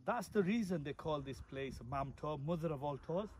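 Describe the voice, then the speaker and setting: A man's voice: on the high side, lively intonation, moderate pace, darkish tone, a little hiss or hum. Chatty man vlogging on a hill. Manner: chatty, talks straight to viewers. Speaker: travel vlogger. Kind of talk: casual walking vlog. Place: outdoors on a hillside, walking.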